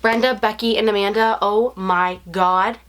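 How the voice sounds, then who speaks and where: A young woman vlogging an unboxing, talking casually and gushing with excitement. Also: medium pitch, normal speed. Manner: gushing, breathless and effusive.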